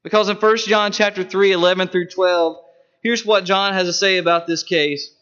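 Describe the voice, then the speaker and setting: A man preaching a sermon, emphatic, with sharp rises and drops in his voice for stress. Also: sits high, steady tone, normal speed, clear, resonant tone. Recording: dull lo-fi recording.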